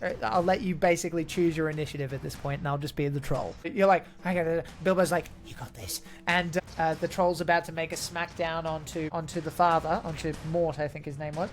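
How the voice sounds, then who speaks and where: Woman game master, low voice, rambling narration, faint music. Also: steady tone, a little fast, hardly any pauses. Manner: rambling, many fillers and restarts.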